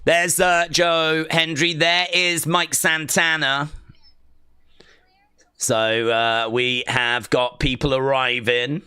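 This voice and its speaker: A man hosts a live watch-along stream, chatting excitably and rambling as he reads viewer comments aloud. His voice is fairly high and slow, with a clean tone and no room sound.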